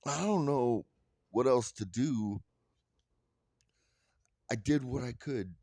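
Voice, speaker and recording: A man's voice: mid-range voice, lively intonation, takes it slowly, mellow, dry recording. A man delivering an angry, profane commentary rant, blunt and scornful, restarting words as he gets worked up. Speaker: online commentator.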